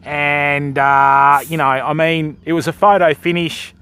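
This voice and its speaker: Laid-back and chatty, a middle-aged Australian man jokes around with viewers on his fishing livestream. His fairly high voice is clear, resonant and sharp in tone, with little pitch movement and a slightly slow pace.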